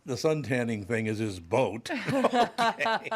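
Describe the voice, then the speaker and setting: Brief: male radio host, middle pitch, loose storytelling chat. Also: huge pitch swings, takes it slowly. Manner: rambling storyteller, reminiscing. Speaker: radio talk show host. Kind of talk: casual radio talk.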